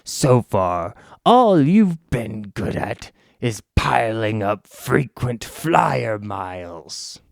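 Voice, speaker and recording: Sneering shadowy alien king, read by a man, low, drawn out, smooth. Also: very animated, no room sound, studio quality, exaggerated voice. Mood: taunting. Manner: slow, mocking, grandiose.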